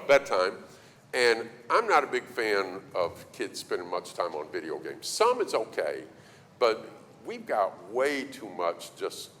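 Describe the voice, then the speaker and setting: A man's voice: on the low side, a little hiss or hum. A middle-aged man preaching a sermon on parenting, telling stories and acting out the voices in them. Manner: animated storytelling, acting out quoted voices. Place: church hall. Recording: reverberant hall, faint ambience.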